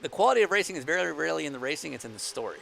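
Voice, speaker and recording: A man's voice: a little high, sing-song, racing, creaky, fairly bright tone, slight background noise. A man co-hosting a casual racing chat over a video call, joking and sarcastic, slipping into mock play-by-play. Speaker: podcast co-host.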